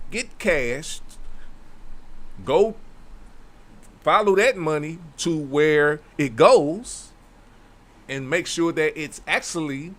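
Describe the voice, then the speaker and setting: Slow, emphatic man explaining. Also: a little high, a bit bright. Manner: slow, emphatic, repeats key phrases; loose conversational asides. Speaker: host. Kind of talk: casual explainer talk.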